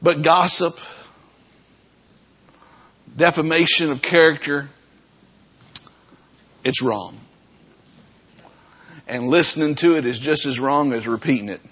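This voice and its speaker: Husky-voiced preacher man. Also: fairly high pitch, takes it slowly, long pauses, fairly bright tone, muffled recording. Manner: preachy, conversational, talks straight to the congregation. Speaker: pastor. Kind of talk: sermon.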